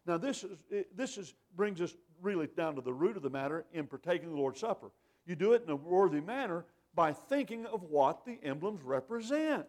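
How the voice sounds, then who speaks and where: A man's voice: fairly high pitch, lively intonation, fairly quick, darkish tone. A man gives an earnest communion talk to a congregation. He speaks plainly, reads scripture aloud and repeats his points so they sink in. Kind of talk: communion meditation.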